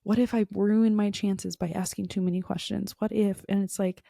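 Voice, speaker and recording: A woman's voice: medium pitch, flat delivery, normal speed, gravelly, warm tone, no room sound, clean studio sound. A woman hosting a podcast, telling a frustrated story in a casual monologue full of fillers. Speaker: podcast host.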